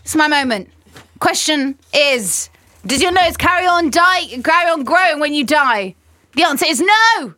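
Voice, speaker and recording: Bright, high, cheeky woman. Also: lively intonation, moderate pace. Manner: cheeky, bossy teasing. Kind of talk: playful studio banter.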